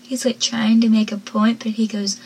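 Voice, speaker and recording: A woman's voice: a little high, level tone, moderate pace, darkish tone, a little hiss or hum. A teenage girl recapping a TV episode in casual commentary, giggly and chatty with lots of "like" fillers.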